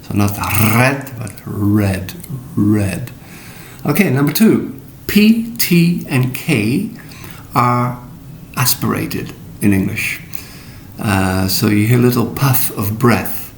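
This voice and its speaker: A middle-aged man teaching English pronunciation, speaking slowly and deliberately with fillers and spoken demonstrations. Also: expressive. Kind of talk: recorded pronunciation lesson. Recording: echoey room with faint rumble.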